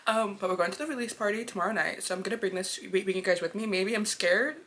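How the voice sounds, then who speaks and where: A woman's voice: medium pitch, quick pace, hardly any pauses, a bit bright, a little hiss or hum. A young woman in her twenties chatting casually about books in a vlog, gushing and joking at herself. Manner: chatty, gushing, self-mocking. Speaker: book vlogger.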